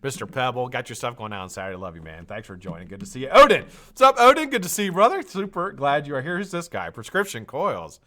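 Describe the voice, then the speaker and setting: A fast-talking man from the United States runs a live stream out of his home studio, his medium-pitched voice leaving few pauses. He's loose and lively, name-checking viewers and bouncing between shout-outs and side tangents.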